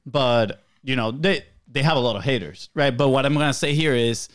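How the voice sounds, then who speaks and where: A man's voice: mid-range voice, moderate pace. A man co-hosting a podcast, asking questions in a thoughtful, hedging way. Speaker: podcast co-host. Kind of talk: casual podcast conversation.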